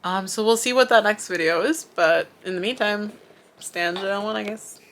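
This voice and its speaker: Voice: medium pitch, normal speed, a bit bright, slight background noise. A young adult vlogger in Japan talking to camera, teary and emotional, gushing and rambling with lots of fillers. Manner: gushing, filler-heavy, rambling with many likes. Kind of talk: emotional fan vlog talk to camera.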